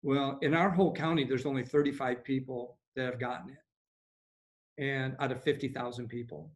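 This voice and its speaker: A man, a pastor, in a relaxed and upbeat conversation over a video call, with many fillers. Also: medium pitch, moderate pace, poor audio.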